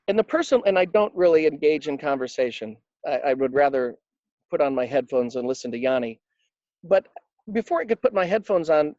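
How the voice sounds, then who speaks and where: Man, interview guest, animated storyteller, slightly high voice, dry dull recording. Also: no room sound. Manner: emphatic, animated anecdote telling with acted-out quotes. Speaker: interview guest, financial advisor coach.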